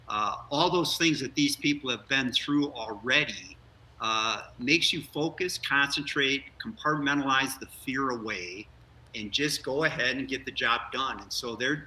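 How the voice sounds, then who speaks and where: An older man talks as a news guest in an earnest, energetic way. His voice is bright and forceful but sits back from the mic. A faint hum runs under the remote feed. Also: mid-range voice, far from the mic, rough recording. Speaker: former astronaut guest. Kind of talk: live news interview.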